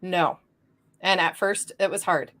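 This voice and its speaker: A woman's voice: lowish voice, fairly even intonation, measured pace, fairly bright tone. A woman hosting a podcast, talking in an earnest, affirming way in casual conversation. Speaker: podcast host.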